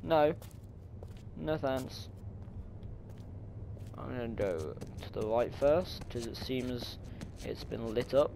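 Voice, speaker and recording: A man's voice: medium pitch, slow pace, creaky, pauses often, mellow, a little hiss or hum. A young man commenting on a horror game, muttering nervously to himself and breaking into sudden startled shrieks. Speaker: gaming channel host.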